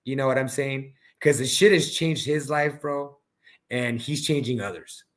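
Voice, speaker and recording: A man's voice: mid-range voice, moderate pace. A man who is a coach, talking casually as a podcast guest and often calling the listener "bro". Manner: casual, peppers speech with "bro".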